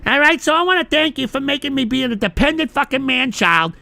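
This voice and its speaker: A man's voice: very high voice, completely flat delivery, quick pace, bright, forceful tone, no room sound, voice pushed up. A man putting on the voice of a whiny grown man-child who still lives with his parents, in a sneering mock whine.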